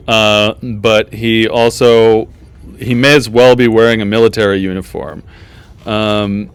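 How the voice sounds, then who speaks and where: Halting man running a tabletop game. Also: mid-range voice, smooth. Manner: halting, lots of uh and restarts. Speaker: game master. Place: backyard.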